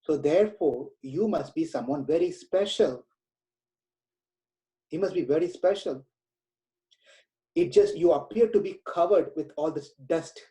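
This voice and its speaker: A man acts out a humbled king, firing off urgent questions at a mysterious sage. His voice rises higher and stays mellow. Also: measured pace, pauses often, close to an everyday voice, rough recording. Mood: awed questioning. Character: humbled male king, awed and pleading.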